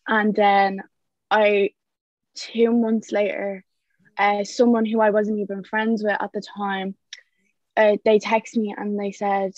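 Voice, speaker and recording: Young woman, guest, soft-spoken, flat tone, dry muffled audio. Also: medium pitch, takes it slowly, dry recording. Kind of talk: video call interview.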